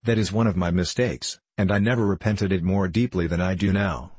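Storybook uncle read by a man: low, husky, hearty and kind doctor. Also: steady tone, fairly quick, no room sound. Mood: tender. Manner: warm, hearty, occasionally bursting out. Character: kindly middle-aged male doctor uncle, hearty and tender. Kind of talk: audiobook character reading.

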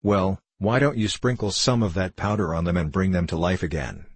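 A man's voice: low-pitched, a little fast, husky, no echo. A man voicing a cheerful female patchwork rag doll who is merry, boastful and chants sing-song rhymes.

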